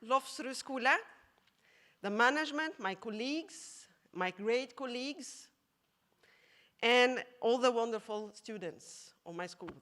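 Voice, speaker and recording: A woman from Egypt, a math teacher giving an emotional acceptance speech, laughing often and pausing with fillers. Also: a little high, fairly bright tone.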